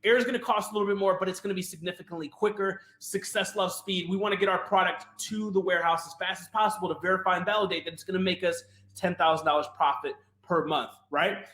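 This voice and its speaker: A man presenting a sales webinar, fast and hyped, often asking "right?" and talking to "you guys". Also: sits high, fairly even intonation, a bit bright, roomy sound.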